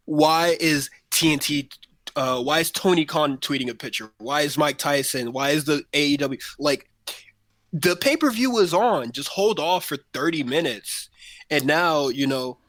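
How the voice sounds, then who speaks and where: A man's voice: mid-range voice, fairly bright tone, dry recording. A man co-hosting a casual wrestling podcast, rambling with many fillers and restarts. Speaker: podcast co-host.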